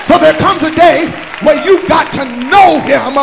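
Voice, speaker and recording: A man preaching a sermon with a high, gravelly voice that swings between shouted, sung lines and hushed teaching. He takes his time over each phrase. A live church recording with faint music and a congregation behind him. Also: measured pace, a crowd in the background. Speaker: bishop and pastor. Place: church conference.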